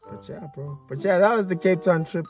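A man's voice: sits high, fairly quick, over music. A young man hosting a vlog, telling a story in a casual, slangy way and laughing often. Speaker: vlog host.

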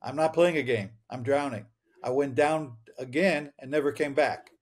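With a mid-range voice at ordinary speed, an elderly Michigan man in his eighties relates a long story from his own life during an interview. He's sincere throughout and tends to repeat himself.

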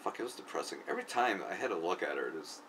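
A man's voice: low-pitched, big pitch swings, rapid-fire, fairly bright tone. A man telling a long personal story in casual, profane, rambling speech full of fillers. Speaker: video creator. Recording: distant mic, faint background noise.

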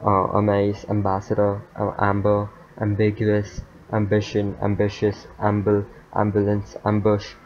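A man reading dictionary words aloud one after another, in a monotone, with stumbles, fillers and muttered asides. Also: lowish voice, a little slow, hardly any pauses. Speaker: youtuber. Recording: dull lo-fi mic with faint noise.

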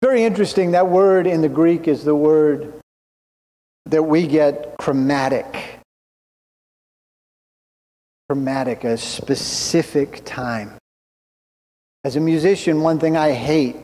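A man preaching a sermon as pastor, speaking deliberately and quoting scripture. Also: fairly high pitch, darkish tone. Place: church sanctuary. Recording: long reverb in a church hall.

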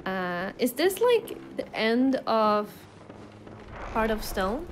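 A woman's voice: a little high, sing-song, slow, noisy background. A woman streamer giving casual gameplay commentary, chatty and giggly, reacting aloud to what happens on screen. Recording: game music behind voice. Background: game music.

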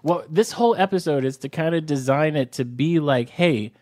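Male co-host from New York, playful and jokey, relaxed casual banter. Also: on the high side, normal speed. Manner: playful, jokey, breaks into silly voices and sounds. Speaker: podcast co-host. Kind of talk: casual chat.

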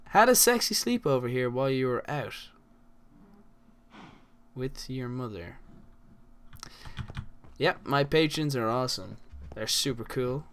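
Joking Irish man, bright voice. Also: mid-range voice, animated, unhurried, long pauses. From Ireland. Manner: jokey, rambling, crude asides. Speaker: gaming channel host. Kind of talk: casual game commentary.

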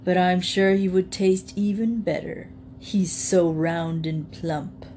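A hungry alligator gloats over its supper in this storybook, voiced by a woman reader. The voice drops a little lower and taunts with menace. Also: steady tone, slow pace, dark tone, a little hiss or hum. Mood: greedy.

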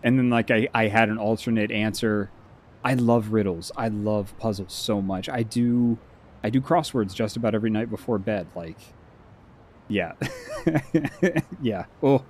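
Animated man telling a story on stream. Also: on the low side, unhurried. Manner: animated storyteller, acts out friends' lines. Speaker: stream co-host. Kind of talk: casual chat.

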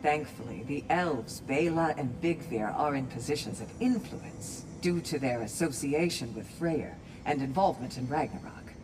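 An actress voicing a calm, diplomatic grown woman warrior in a video game. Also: low-pitched, normal speed, few pauses, over music, lightly acted, rough recording. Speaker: game character. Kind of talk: game dialogue.

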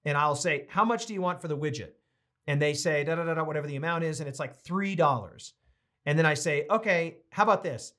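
A man's voice: on the high side, brisk, fairly bright tone. An American man leading a casual Bible study, reading passages aloud and telling chatty stories between them. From United States. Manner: chatty and anecdotal, reads quotes aloud. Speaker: Bible teacher.

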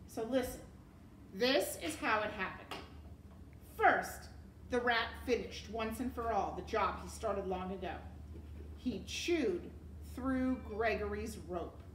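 A woman teacher reading a novel aloud expressively to her class and pausing to ask them questions. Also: mid-range voice, reverberant, far from the mic, a little hiss or hum.

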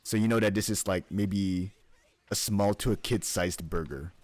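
A man's voice: low voice, normal speed, no echo. A man in his twenties chatting casually while gaming, telling a rambling story and laughing often. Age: 20s. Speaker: streamer.

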